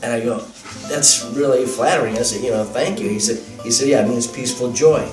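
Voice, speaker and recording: Male guest recounting an anecdote in a lively way, room-miked from a distance with faint music. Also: medium pitch, fairly quick. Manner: animated, laughing, quotes voices. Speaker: guest telling his story. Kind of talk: casual storytelling. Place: temple hall. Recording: roomy sound from a distance, music.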